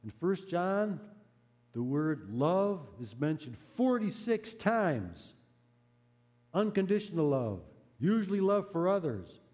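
Mellow-voiced preacher in a reverberant hall. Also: male voice, high-pitched, very animated. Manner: earnest, measured, dropping to a hush at solemn moments. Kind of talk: sermon storytelling.

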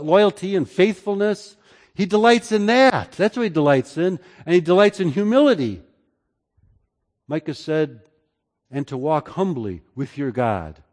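A man preaching a sermon as pastor, moving between loud, emphatic lines and quiet, low passages. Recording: long hall reverb.

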